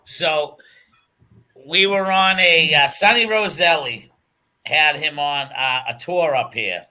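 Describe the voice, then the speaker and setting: Male podcast host, high bright voice, unhurried laughing storyteller. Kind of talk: casual chat.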